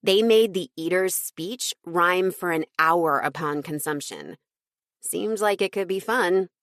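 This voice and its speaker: A woman's voice: lowish voice, expressive, unhurried, a bit bright, no echo, studio quality. Wry woman narrating an audiobook. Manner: snarky, wry. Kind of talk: scripted first-person audiobook narration.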